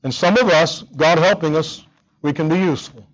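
A man's voice: on the high side, normal speed, lo-fi sound. A man preaching a sermon, earnest and emphatic, often repeating words as he drives a point home. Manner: earnest, emphatic, with frequent repetitions.

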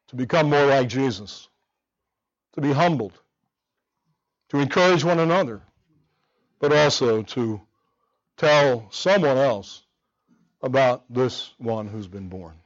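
A man preaching a sermon as pastor, talking in a conversational, animated way with quiet, earnest stretches. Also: mid-range voice, slow pace, long pauses. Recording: dull lo-fi recording.

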